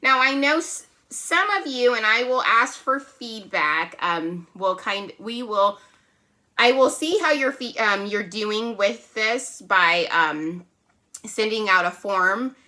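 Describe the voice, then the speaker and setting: Woman teacher, phonics lesson for little kids, unhurried, clear bright tone. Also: mid-range voice, animated. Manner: slow, patient, questioning with frequent "right?" and "okay?". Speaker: kindergarten teacher. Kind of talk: phonics lesson for young children.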